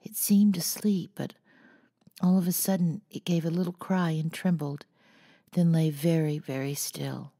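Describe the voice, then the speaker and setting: A woman voicing a gentle, shy teenage girl who speaks softly and mildly, in an audiobook. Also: sits low, steady tone, a little slow, pitched above the performer's own voice. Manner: soft, quiet and mild.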